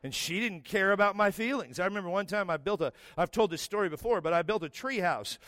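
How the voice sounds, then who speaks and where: A man's voice: high-pitched, quick pace, a bit bright, dry recording, clean studio sound. A middle-aged man, a pastor, preaching a sermon with humorous personal stories that build to emphatic exhortation. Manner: storytelling, self-mocking, rising to emphatic preaching.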